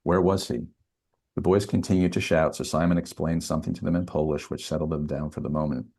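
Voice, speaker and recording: A male novelist reads his own thriller aloud in a steady, measured way. His voice sits extremely low, with a gravelly creak and a husky, rough edge.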